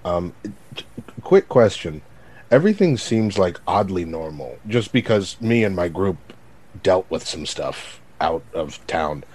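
A man taking part as a player in a tabletop game, speaking in a relaxed, hesitant, joking way. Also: deep voice, measured pace, slightly rough. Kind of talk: casual tabletop play.

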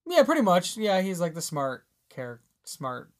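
Easygoing man with a higher voice. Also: wildly swooping pitch, unhurried. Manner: easygoing, short agreeing replies, laughs along. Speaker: podcast co-host. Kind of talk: casual banter.

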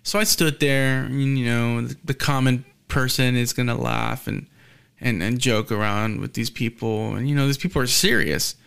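Male podcast host, gravelly voice, casual storyteller who acts out the people he quotes. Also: mid-range voice, fairly even intonation, moderate pace, fairly bright tone.

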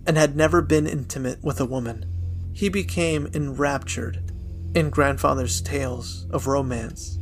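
A man narrating a dark family story in a measured, somber storytelling manner. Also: on the high side. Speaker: narrator, podcast host.

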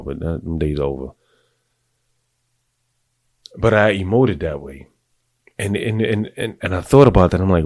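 A deep-voiced middle-aged man hosting a podcast, giving blunt, profane, confessional advice to other men in a casual monologue. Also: normal speed, long pauses, a little mellow, no echo. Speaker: podcast host.

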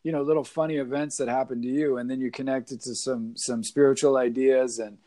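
A man's voice: mid-range voice, fairly even intonation, fairly quick, dark tone. A man hosting a casual interview, reflecting thoughtfully and often affirming his guest. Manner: reflective, agreeable, many short affirmations. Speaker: host.

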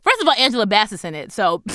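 A woman's voice: medium pitch, bright, forceful tone, dry recording, studio quality. A woman co-hosting a podcast, chatting casually and laughing often as she talks, with fillers along the way. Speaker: podcast co-host. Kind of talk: casual chat.

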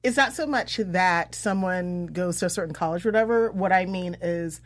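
A woman chatting casually as a podcast co-host, easygoing and quick to agree. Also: fairly low pitch. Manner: easygoing, agreeable, often says "yes". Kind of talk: casual chat.

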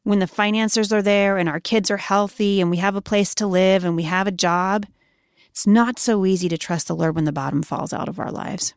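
A woman in her thirties giving an earnest devotional sermon, softly emphatic and slowing down when she quotes scripture. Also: medium pitch, steady tone, smooth, no echo, clean studio sound. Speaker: Christian speaker.

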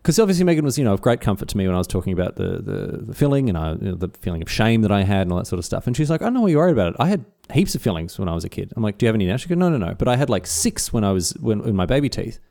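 Animated man, lively and fast. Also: creaky. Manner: animated storyteller, jumps into high mock voices. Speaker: podcast co-host. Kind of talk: casual chat.

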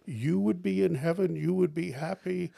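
Gravelly older man telling stories. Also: normal speed, no room sound. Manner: animated storyteller, jumps high for quoted lines. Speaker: pastor. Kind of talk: storytelling interview.

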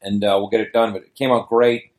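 A man's voice: on the low side, flat delivery, fast talker. Laid-back man co-hosting a podcast. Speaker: podcast co-host. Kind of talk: casual chat.

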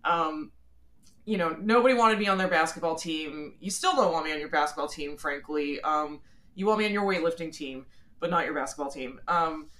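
Her voice is deep and fairly bright, at normal speed: a woman in her forties from the Philadelphia area, USA, guesting on a phone call. She answers the interview conversationally, chatty and frank, poking fun at herself and leaning on many fillers.

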